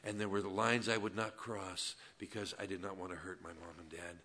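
A pastor preaching a Wednesday evening church sermon, swinging between loud, emphatic lines and quiet, conversational asides, with a folksy manner full of "man" and "you know". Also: low voice, flat delivery, a little fast.

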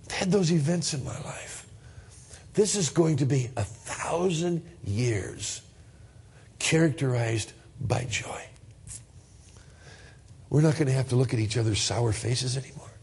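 A man with a husky, slightly raised voice preaches a sermon to his congregation. He reads scripture and then talks in a loose, lively way. He often jumps up in pitch to act out little everyday conversations. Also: moderate pace. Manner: lively and conversational, swings into high-pitched acted-out exchanges. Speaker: pastor.

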